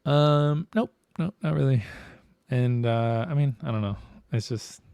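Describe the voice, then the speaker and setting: A man's voice: medium pitch, unhurried, creaky, warm tone, clean tone, no room sound. A man co-hosting a podcast, talking candidly in casual slang and swearing freely. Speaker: podcast co-host.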